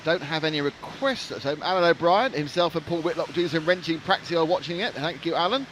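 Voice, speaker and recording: A man's voice: fairly high pitch, fast, a bit bright, slight background noise. A man, chatting and joking as a live racing stream commentator. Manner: chatty, jokey, rambling.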